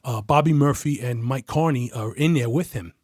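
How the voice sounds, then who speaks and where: Profane New cop telling a story. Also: male voice, mid-range voice, moderate pace, no room sound, studio quality. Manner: profane, animated, acts out quoted voices. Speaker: podcast guest, retired detective. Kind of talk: casual storytelling.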